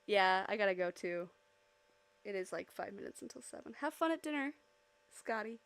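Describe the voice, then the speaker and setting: A woman streaming live while she draws, chatting casually with her audience, giggling often and bursting into loud, excited squeals. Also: medium pitch, moderate pace, vocal fry.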